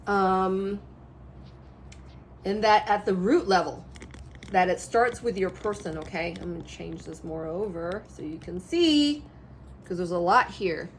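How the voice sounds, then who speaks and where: A woman reading tarot cards in a rambling, animated way, her voice a little hoarse, often checking in with the listener. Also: mid-range voice, a little slow, slight background noise. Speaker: tarot reader. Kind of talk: casual spiritual reading to camera.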